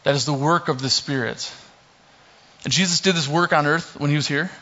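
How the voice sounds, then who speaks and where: A man's voice: on the high side, a little fast. A young man preaching a casual sermon, reading scripture and slipping in joking asides. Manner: relaxed, joking asides, many fillers. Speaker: pastor. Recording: dull lo-fi recording.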